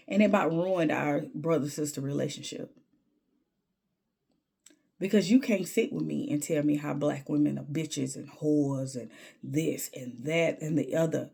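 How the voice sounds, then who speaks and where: A woman with a low, husky voice and a gravelly edge tells a candid story straight to the camera. She talks with emphasis and stumbles over repeated words when she gets heated. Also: warm tone. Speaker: vlogger.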